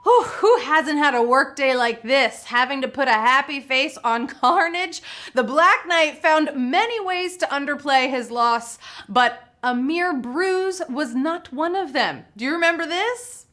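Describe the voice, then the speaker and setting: A woman hosting a live trivia game show, playful and excitable, giggling between chatty asides. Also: high voice, a little slow. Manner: upbeat and excitable.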